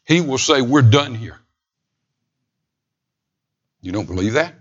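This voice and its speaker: A man preaching a sermon with emphatic delivery, rising to raised declamation and dropping to a hushed near-whisper. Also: medium pitch, expressive, slow, breathy edge, lo-fi sound.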